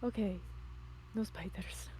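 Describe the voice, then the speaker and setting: A woman player in a live-streamed tabletop game, animated and joking, swearing freely. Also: mid-range voice, takes it slowly, husky.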